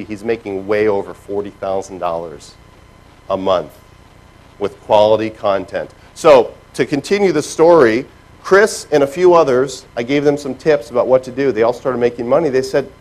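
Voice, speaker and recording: A man giving a lively seminar talk to a live audience, telling stories with sound effects and mimicked voices. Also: mid-range voice, normal speed, rough recording. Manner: animated storytelling with character voices and sound effects. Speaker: keynote speaker. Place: stage before a live audience.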